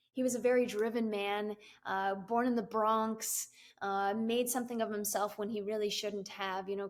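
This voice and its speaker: A middle-aged woman with a medium-pitched voice appears as a guest on an interview show. She's a business coach and CEO, and she tells her story casually and gigglingly, full of fillers and laughter.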